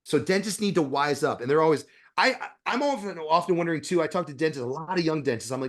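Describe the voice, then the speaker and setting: A man who is a dentist, a guest on a podcast interview, talking bluntly with profanity and animated storytelling. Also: a little high, fast.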